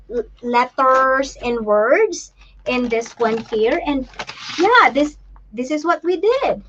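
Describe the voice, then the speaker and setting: High-voiced woman, halting and emotional. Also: sharp tone, muffled recording, a little hiss or hum. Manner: emotional, halting, many restarts; shows materials to the camera while talking. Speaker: livestream host and parent. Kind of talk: casual live chat.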